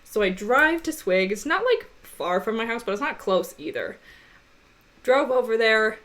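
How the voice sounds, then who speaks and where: Young woman, podcast co-host, lively storyteller, laughs a lot, slightly high voice. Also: moderate pace. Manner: animated, laughing, gets high and loud when retelling upset moments. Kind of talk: casual storytelling chat.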